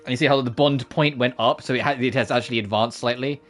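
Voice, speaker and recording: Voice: mid-range voice, steady tone, quick pace, faint music behind. A streamer giving casual, rambling commentary on a game playthrough, with lots of fillers and self-deprecating asides.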